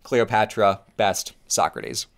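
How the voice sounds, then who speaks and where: A man's voice: on the low side, big pitch swings, slow pace, creaky. A man co-hosting a podcast, chatting casually and giving opinions, often repeating words as he restarts. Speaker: podcast co-host. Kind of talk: casual chat.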